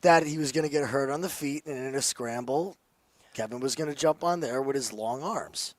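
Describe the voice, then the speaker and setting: A man co-hosting a live fight betting stream, cheering loudly and swearing when his pick wins. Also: medium pitch, normal speed, dry recording. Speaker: co-host and betting analyst.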